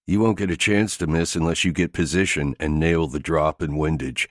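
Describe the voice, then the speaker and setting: A man's voice: a bass voice, steady tone, normal speed, no echo. A man doing a laconic, shrewd outdoorsman. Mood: level. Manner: dry, level questions.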